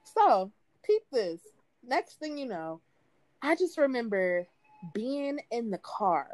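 A woman in her twenties casually telling a party story, animated and laughing, acting out what people said in a higher voice. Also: takes it slowly, no room sound. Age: 20s.

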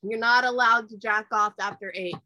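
This is a woman with a bright, forceful voice pitched somewhat high, hosting a podcast. She is playful and jokey in casual chat and swears freely. Her voice is recorded dry and close. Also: steady tone, moderate pace, no echo. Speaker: podcast host.

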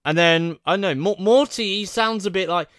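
A man's voice: high voice, moderate pace, fairly bright tone, smooth, no room sound, clean studio sound. A man casually chatting on his own as a vlogger, rambling and thinking aloud, often unsure of himself. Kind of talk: casual solo chat to camera.

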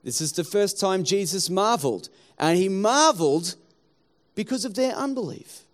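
Aussie pastor guy preaching, fairly high voice, lively, does little voices for people in the story. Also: moderate pace. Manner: animated preaching, acts out townspeople in quotes. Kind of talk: sermon.

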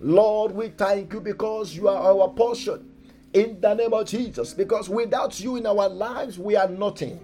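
A man preaching and leading a congregation in fervent prayer, moving between calm teaching and loud exhortation. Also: high-pitched, moderate pace, faint music behind.

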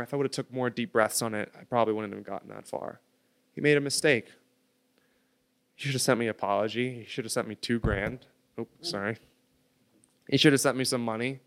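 A young man in his twenties, a podcast guest, telling a story in casual slangy talk, getting loud when he acts out his anger. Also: mid-range voice, smooth. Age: 20s.

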